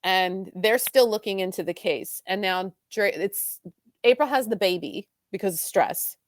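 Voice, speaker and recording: A woman co-hosting a podcast talks fast and animated as she recaps a soap opera, full of "like"s. Her voice sits in a middle range and sounds dry and close to the mic. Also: medium pitch, no echo. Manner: fast, animated retelling with many "like"s. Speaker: podcast co-host.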